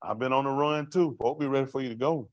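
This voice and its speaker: A man's voice: medium pitch, fast talker, no echo, highs cut off. A man giving a raw, vernacular testimony to a congregation, asking the room rhetorical questions as he tells his story. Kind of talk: street-life testimony to a congregation.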